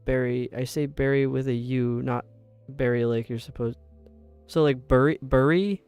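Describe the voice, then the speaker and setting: A young man with a New York accent chatting casually with viewers while streaming, rambling and sounding out words slowly. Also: mid-range voice, little pitch movement, warm tone, smooth, dry recording. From upstate New York. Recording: dry close mic with faint game music.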